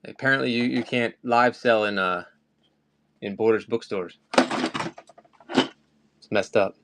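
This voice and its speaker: A live-stream collectibles seller speaks slowly in a lower voice, with noise in the background. Between items he chats casually and strays off topic.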